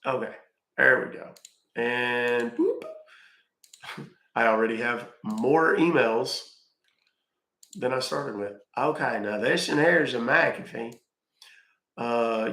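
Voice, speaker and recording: Casual male streamer, gruff and offhand, cussing, roomy echoey sound. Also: medium pitch, takes it slowly, pauses often, pushed and bright. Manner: grumbling, cursing, offhand. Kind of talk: casual live-stream chat. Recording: roomy echo.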